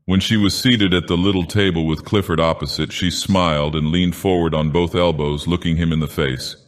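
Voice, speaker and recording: Very deep, grave theatrical narrator. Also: male voice, fairly even intonation. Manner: slow, grave theatrical villain persona. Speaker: audiobook narrator. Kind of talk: scripted storybook narration. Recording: long hall reverb.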